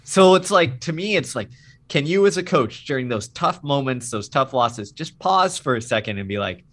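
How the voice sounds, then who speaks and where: A middle-aged man talks in an earnest, emphatic way, with a bright, forward tone. He has the easy feel of someone who has coached, chatting on a podcast. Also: mid-range voice, animated, moderate pace. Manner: earnest, emphatic, mixes in acted quotes. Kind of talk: casual podcast conversation.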